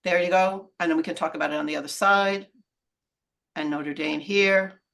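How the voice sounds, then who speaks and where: Low-voiced woman author explaining history. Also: fairly even intonation, moderate pace, gravelly, a bit bright. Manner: thoughtful, explanatory, trails off mid-sentence. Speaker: author and guest. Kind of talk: conversational interview on a video call. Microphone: video call.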